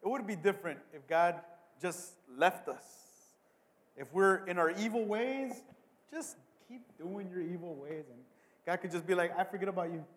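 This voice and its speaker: This high-voiced pastor preaches at a measured pace with lively intonation, his sermon echoing with the long reverb of a big hall. He swings between hushed asides and loud emphasis on key words, repeating words as each point builds.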